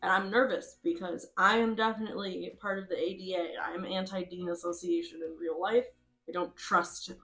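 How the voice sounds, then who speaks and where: A woman's voice: mid-range voice, a bit bright. A woman giving casual, chatty commentary over a game, laughing often and swearing freely. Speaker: host.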